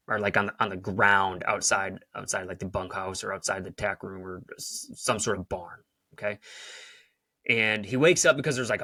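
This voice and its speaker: A man's voice: lowish voice, pushed and bright, no room sound, studio quality. A man hosting a podcast, giving a rambling motivational talk and retelling scenes with emphasis. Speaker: podcast host and coach.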